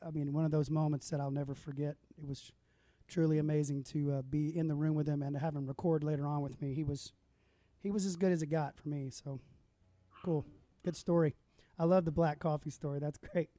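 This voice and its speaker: A man's voice: a little high, flat delivery, brisk, warm tone, no echo. A man hosting a casual livestream, chatting with a guest and telling stories in an easygoing way. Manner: easygoing storyteller, laughs often. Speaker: host.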